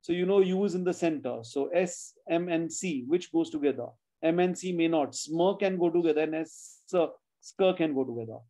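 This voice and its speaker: A man's voice: on the high side, a little fast, warm tone, rough recording. A man teaching children spelling in an online class, patiently sounding out words letter by letter.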